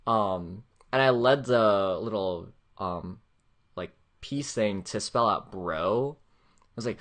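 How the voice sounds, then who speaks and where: A woman's voice: a bass voice, slow pace. A woman hosting a podcast in casual chat, laid-back and slangy with lots of likes. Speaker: podcast host.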